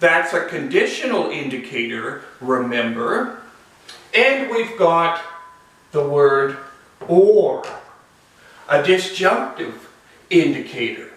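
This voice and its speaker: A man with a fairly high voice explains step by step, his pitch swinging up and down as he stresses words. He speaks unhurriedly. The sound is very echoey, picked up from well away from the mic. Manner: slow, deliberate, lively rising and falling intonation. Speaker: logic instructor. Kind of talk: recorded lecture. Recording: echoey room, voice far from mic.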